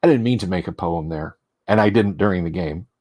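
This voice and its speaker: A man's voice: low voice, fairly quick, a little mellow, dry recording. A man hosting a casual livestream as game master, talking in a rambling, chatty and self-deprecating way, his voice tired from talking all day.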